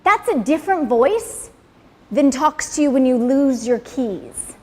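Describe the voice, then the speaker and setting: Her high, sing-song voice is unhurried and a little mellow, echoing as in a large hall. Leading a live motivational class in a salon room, she speaks casually, bluntly and profanely, asking "right?" again and again.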